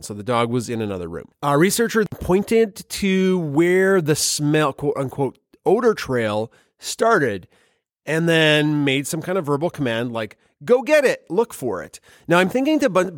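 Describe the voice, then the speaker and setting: A man's voice: fairly high pitch, no echo, studio quality. A man hosting a science podcast, chatting casually and joking, with playful put-on quotes. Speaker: podcast host.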